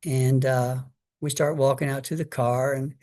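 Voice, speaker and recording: A man's voice: mid-range voice, flat delivery, measured pace, a little mellow. A middle-aged man telling a personal story to an audience in a conversational way, acting out quoted voices, with fillers and restarts. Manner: conversational storytelling, acts out his child self and mother in quotes. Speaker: guest speaker.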